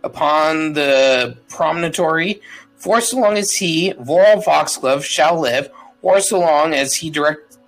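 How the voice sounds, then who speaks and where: A man playing a tabletop game, reading a legal deed aloud haltingly and stumbling over words with fillers. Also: a little high, faint music behind, poor audio. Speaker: player.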